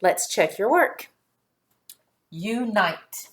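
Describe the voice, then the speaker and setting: A woman teacher giving a patient, clearly spoken phonics and dictation lesson for young children. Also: medium pitch, expressive, a little slow.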